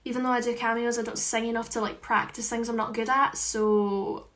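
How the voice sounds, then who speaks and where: A woman's voice: a little high, flat delivery, brisk, a bit bright. A young woman, a musical theatre performer, chatting casually in a social media Q&A on a phone, giggly and self-deprecating. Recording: echoey room.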